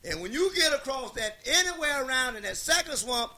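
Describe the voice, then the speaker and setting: A man's voice: very high voice, very animated, a little fast, sharp tone, voice pushed up, heavily acted. Man doing a big, folksy swamp guide. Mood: advising. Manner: folksy, profane, long-winded advice. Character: big, worldly man giving swamp directions.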